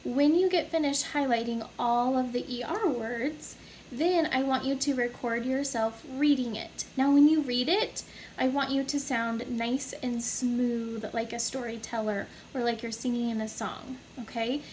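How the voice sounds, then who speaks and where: Woman, children's phonics teacher; higher voice, very slow and patient, sounds out each letter. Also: darkish tone, a little hiss or hum, rough recording. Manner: patient and encouraging. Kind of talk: phonics lesson for young children.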